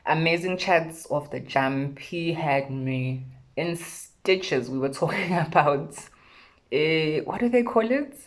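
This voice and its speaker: A young South African woman with a South African accent, telling a casual storytime vlog with sassy, animated retellings of conversations. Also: sits low, takes it slowly. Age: young adult. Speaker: vlogger.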